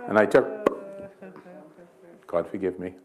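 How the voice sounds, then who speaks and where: Low-voiced man leading a healing service. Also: unhurried, a loud crowd. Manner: folksy storyteller, jokes between prayers. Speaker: guest healing evangelist. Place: church sanctuary.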